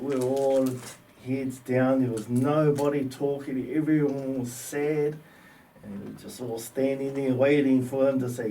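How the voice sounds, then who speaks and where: Relaxed New Zealand man telling stories. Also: mid-range voice, moderate pace. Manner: relaxed, slangy, laughs while telling stories. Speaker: guest, former rugby player. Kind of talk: casual storytelling. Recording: distant mic with faint background noise.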